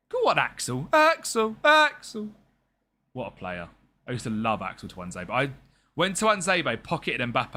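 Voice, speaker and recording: A male game streamer with a bright, medium-pitched voice provides live-stream commentary, chatting with viewers. He's chatty and jokey, talking to the chat and to the game's players.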